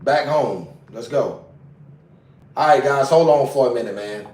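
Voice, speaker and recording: A man's voice: medium pitch, unhurried, pauses often, darkish tone, recorded from a distance. Agitated man ranting on a livestream. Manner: agitated, profane, repeats himself. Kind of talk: casual livestream rant. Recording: roomy sound, away from mic.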